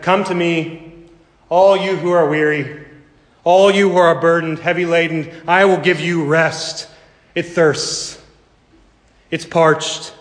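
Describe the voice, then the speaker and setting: A man preaching a sermon, his delivery swelling loud and high before dropping to a hush. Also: reverberant, in a large hall.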